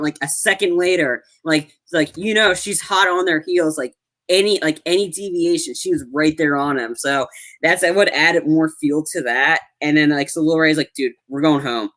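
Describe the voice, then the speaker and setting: A man's voice: fairly high pitch, normal speed, fairly bright tone. A man co-hosting a movie review podcast, retelling scenes in a rambling way with lots of fillers. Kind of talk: casual chat.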